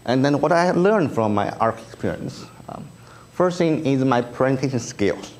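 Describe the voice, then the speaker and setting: A man with a Chinese accent, whose first language is Chinese, giving a conference talk with slides in a halting way, full of ums and uhs and light self-deprecating humor. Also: mid-range voice, expressive, darkish tone. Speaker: speaker at an engineering research review. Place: conference room.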